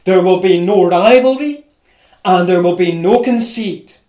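A man's voice: high-pitched, unhurried, darkish tone, echoey room. A man preaching a sermon, stressing his points through repeated parallel phrases and speaking frankly to his listeners. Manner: repetitive, emphatic preaching in building lists.

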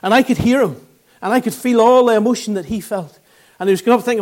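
Northern Irish male preacher, 60s, high-pitched, earnest and fervent gospel storyteller. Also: quick pace, hardly any pauses, a little mellow. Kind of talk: gospel sermon testimony.

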